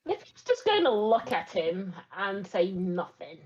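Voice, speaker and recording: A woman's voice: medium pitch, big pitch swings, unhurried. A woman playing in a tabletop game, chatting in a casual, playful way. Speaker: player. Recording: dull lo-fi mic.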